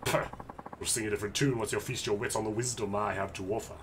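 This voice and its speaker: A man's voice: fairly low pitch, steady tone, fast, background noise, natural voice. A man voicing a pompous self-styled nobleman of thirty-five, who scorns others in grand, old-fashioned wording. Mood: haughty.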